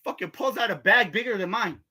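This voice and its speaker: A man's voice: sits high, fairly quick, bright, forceful tone. A man telling loose, profane stories in a casual vlog, laughing often and trailing off into fillers. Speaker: vlogger. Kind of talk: casual rambling storytelling.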